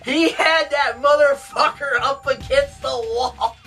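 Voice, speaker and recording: A woman giving a casual movie review, retelling scenes excitedly with swearing, sound effects and laughter. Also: high-pitched, slow, distant mic, low-quality recording.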